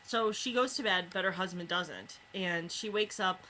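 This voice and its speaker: A woman reviewing books in a casual chat, retelling stories with lots of fillers and quick asides. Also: lowish voice, pushed and bright, slight background noise, low-quality recording. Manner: chatty retelling with many fillers. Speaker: book reviewer.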